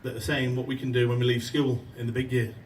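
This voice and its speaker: A man's voice: mid-range voice, flat delivery, quick pace, recorded from a distance. Man doing rambling stand-up. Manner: rambling, chatty, swears freely, loses his place. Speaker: amateur stand-up comedian. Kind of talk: stand-up joke telling. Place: function room before a laughing crowd. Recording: echoey room recorded from afar, noisy.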